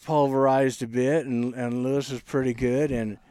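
A man telling a story in casual chat, halting and low-key, with frequent restarts. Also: fairly even intonation, dark tone, clean tone, no room sound.

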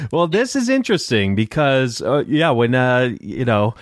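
A man hosting a casual interview, talking haltingly with many fillers and restarts. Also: mid-range voice, big pitch swings, no room sound, clean studio sound. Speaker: podcast host.

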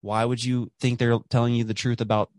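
A man's voice: medium pitch, flat delivery, brisk, dry recording. Rambling casual man on a dry mic. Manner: rambling, many fillers and restarts; swears casually. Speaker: podcast host. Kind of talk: casual conversation.

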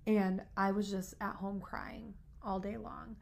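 A young adult woman co-hosting a podcast, telling a personal story in casual chat, animated and full of "like" fillers. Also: mid-range voice, unhurried, creaky. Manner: animated, frequent "like" fillers, rising into excited retelling. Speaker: podcast co-host.

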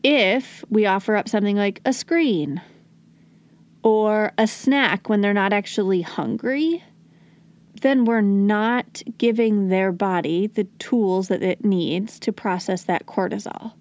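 A woman hosting a podcast, explaining parenting ideas calmly and modeling gentle phrases to say to small children. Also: mid-range voice, slow pace, no room sound. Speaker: podcast host. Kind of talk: solo parenting advice talk.

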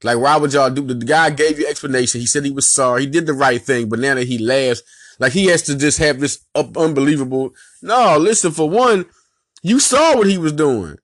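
A man with a Philadelphia accent hosting a sports podcast, ranting in an animated, emphatic, slangy way and repeating his points. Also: a little high, fairly quick, no room sound, clean studio sound. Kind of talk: casual sports rant.

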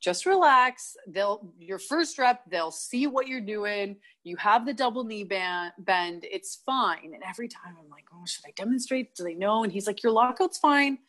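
A woman's voice: mid-range voice, normal speed, hardly any pauses, a bit bright. A young woman from Canada, a guest in a casual interview, telling stories animatedly, acting out quotes and laughing often. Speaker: guest, kettlebell athlete.

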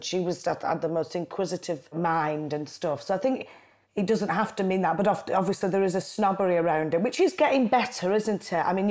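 Guest: Bolton-accented woman, 40s, animated storyteller, casual chat. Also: on the low side. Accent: Lancashire (Bolton). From Bolton, Lancashire. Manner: lively, chatty storyteller with quoted voices. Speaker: guest, writer and comedian. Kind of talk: casual conversation.

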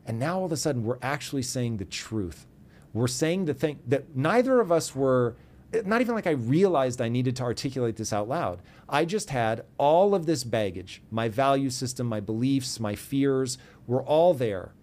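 A man telling a personal story as a podcast guest, animated and earnest, acting out both sides of old arguments. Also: mid-range voice, moderate pace. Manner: earnest and intense when giving advice.

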